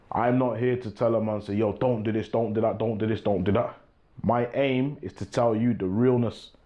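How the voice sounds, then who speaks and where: A young man from England talks to camera in a laid-back monologue. His voice sits low and dark, and he keeps checking in with his listener as he goes. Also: dull audio. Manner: laid-back, repeats "you get me" often. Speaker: talk show host.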